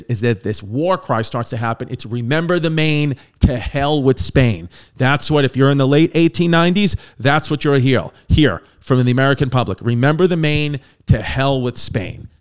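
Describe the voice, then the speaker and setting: A man's voice: mid-range voice, clean tone. Brash comic man riffing on history. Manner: brash, crude, riffing with mock voices and sudden shouts. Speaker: comedian hosting a history show.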